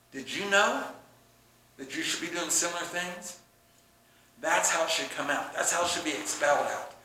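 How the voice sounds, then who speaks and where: A man delivers a sermon as pastor, animated and acting out the people he quotes. His voice sits high and rings bright and sharp. The sound carries with heavy echo, as if from a big church hall.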